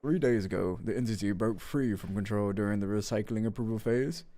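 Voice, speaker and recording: Game read: a man playing a stiff, formal newsreader with a low voice. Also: fairly quick, warm tone, natural voice. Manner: formal, announcing. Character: formal male news announcer. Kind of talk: voice acting a game aloud.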